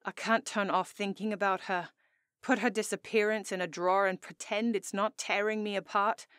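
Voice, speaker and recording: A woman's voice: medium pitch, fairly even intonation, moderate pace, a bit bright, no room sound. A woman narrating a first-person romance audiobook in an intimate, earnest storytelling manner, on a close studio mic.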